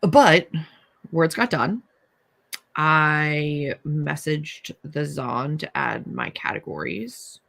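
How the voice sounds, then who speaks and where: A woman's voice: deep voice, animated, extremely slow, vocal fry, a bit bright. A young woman hosting a casual writing livestream, chatting and reading viewer comments aloud. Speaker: livestream host.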